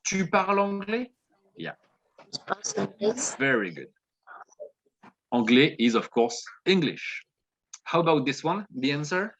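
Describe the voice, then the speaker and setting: A French man with a French accent teaching an online class, encouraging his students and repeating phrases slowly. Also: mid-range voice, very animated, a bit bright. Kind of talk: online demo language class. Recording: dull lo-fi audio with faint noise.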